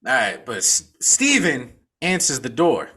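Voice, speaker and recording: A man's voice: mid-range voice, huge pitch swings, measured pace, sharp tone, husky. A man co-hosting a podcast, recapping a film in a casual, profane storytelling way. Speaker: podcast co-host.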